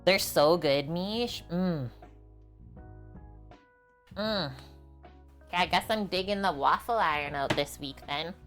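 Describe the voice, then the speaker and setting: With faint music in the background, this young woman of half-French heritage talks slowly in a fairly low voice, pausing often. She's running a relaxed cooking livestream at home, reading chat and replying as she preps food.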